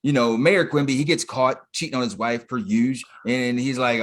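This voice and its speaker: Man, podcast co-host, mid-pitched voice, relaxed and slangy, plenty of fillers. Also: normal speed. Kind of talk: casual chat recapping a cartoon episode.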